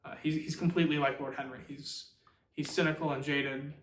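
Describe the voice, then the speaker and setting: A man's voice: on the high side, level tone, fairly quick, slight background noise. A man hosting a book channel, giving a casual, rambling, filler-heavy summary of a novel. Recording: roomy echo, far from mic.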